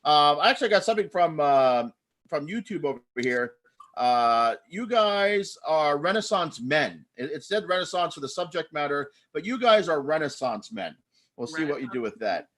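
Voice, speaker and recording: Excitable guy hosting improv on a video call, high voice that jumps all over, rambles a bit. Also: normal speed. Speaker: improv host. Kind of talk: live improv show hosting.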